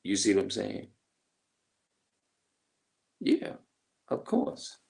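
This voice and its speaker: Give me a middle-aged man with a gravelly voice, ranting emphatically and rambling. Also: lowish voice, sing-song, very slow, warm tone. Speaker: vlogger. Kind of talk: casual monologue.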